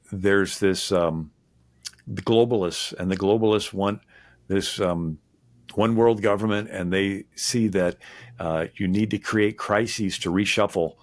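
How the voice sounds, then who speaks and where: A historian guest talking in an interview, rambling with many fillers and restarts. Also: male voice, fairly low pitch, dry recording. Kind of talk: conversational interview.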